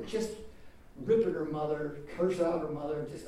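A man preaching a sermon in an earnest manner, dropping to a hush for tender moments and rising for emphasis. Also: fairly high pitch, a little slow, recorded from a distance. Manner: earnest, swings between loud emphasis and near-whispered tenderness. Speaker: pastor. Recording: echoey room, speaker away from the mic.

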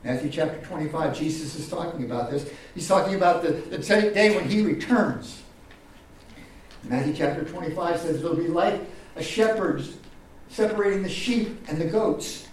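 A pastor preaches a sermon in a voice a touch higher than most men's, rising loud and falling soft again and again, often repeating his words. He is picked up from a distance, so the sound is heavily echoey. A faint room hum sits behind him. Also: normal speed. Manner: preaching with wide swings in pitch and loudness, repeating words. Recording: echoey hall from far off.

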